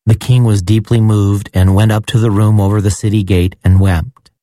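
A man reading scripture aloud in a measured, solemn liturgical style. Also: fairly low pitch, flat delivery, warm tone, dry recording. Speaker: scripture reader.

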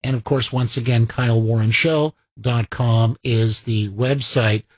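A man's voice: medium pitch, fairly even intonation, unhurried. A middle-aged man hosting a political talk radio show, delivering a sardonic monologue with frequent chuckles.

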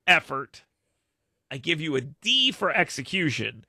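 A man's voice: medium pitch, animated, normal speed, vocal fry, sharp tone, no room sound, studio quality. A man in his thirties hosting a casual talk show, telling rambling stories that make fun of himself. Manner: rambling, self-mocking storyteller. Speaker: radio show host. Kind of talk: casual chat with co-hosts.

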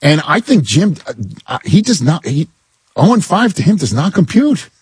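Man, sports talk host, husky voice, lively swooping delivery, dry sound. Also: a little high, normal speed, no room sound. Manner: animated, incredulous, riffing with co-hosts.

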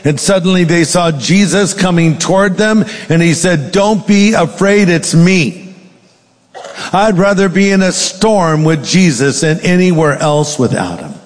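A man's voice: on the high side, normal speed, few pauses, big-room sound. A male pastor preaching a sermon, reading scripture aloud with dramatic emphasis.

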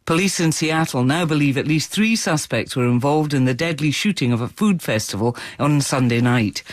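A man's voice: on the high side, dry recording, clean studio sound. Man reading a formal news bulletin. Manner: measured, formal delivery. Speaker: newsreader.

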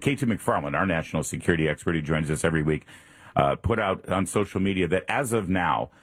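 A man with a very low, husky voice hosts a morning radio talk show. He rambles casually, with plenty of fillers and restarts. The studio sound is close and dry. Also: no echo.

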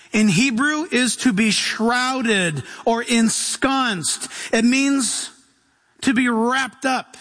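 A male pastor preaches with lively energy, his voice sitting notably high for a man. He slips into little acted voices and loud bursts. The sound rings with a long hall reverb. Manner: animated preaching, acting out voices and shouts. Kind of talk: sermon.

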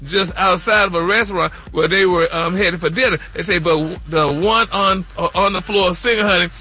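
A man's voice: high voice, fairly even intonation, a little fast, sharp tone, husky. A man hosting a celebrity gossip segment on the radio, sassy and full of "honey" and "y'all". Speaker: celebrity news host.

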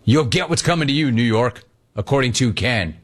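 A man hosting a sports talk radio show, animated and playful, taking calls and riffing on them. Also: medium pitch, moderate pace. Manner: animated, playful, mocks callers' voices.

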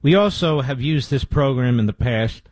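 A man's voice: mid-range voice, expressive, moderate pace, darkish tone, no echo, poor audio. A man hosting a radio talk show, speaking in an emphatic, self-assured on-air monologue.

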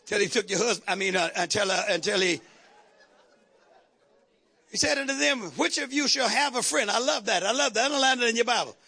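A man preaching a sermon to his congregation, calling out to the crowd and shouting at the peaks. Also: very high-pitched, brisk, vocal fry, pauses often, breathy edge. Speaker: pastor. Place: church sanctuary.

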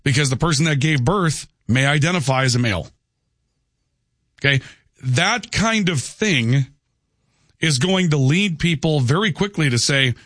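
A man's voice: fairly high pitch, lively intonation, normal speed, a bit bright, no room sound, studio quality. A man hosting a call-in radio talk show, talking conversationally and often tossing in "okay". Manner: conversational, peppers lines with "okay". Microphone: studio microphone.

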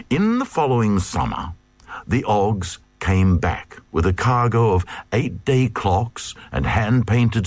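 A man's voice: lowish voice, darkish tone, dry recording. A man giving a dramatic reading of a comic verse tale in a rhythmic, sing-song delivery. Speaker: reader.

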